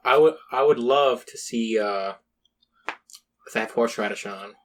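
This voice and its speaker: Young guy rambling thru a story, swears a ton, acts out what ppl said, average pitch. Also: unhurried, a little hiss or hum. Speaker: podcast co-host. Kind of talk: casual chat.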